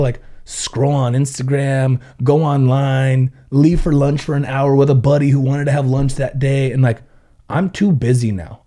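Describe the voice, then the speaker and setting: A man with a warm, mid-range voice, in his thirties and owner of a car audio shop in Ventura County, California, chats loosely on a podcast. His storytelling is blunt and profane, full of quoted dialogue.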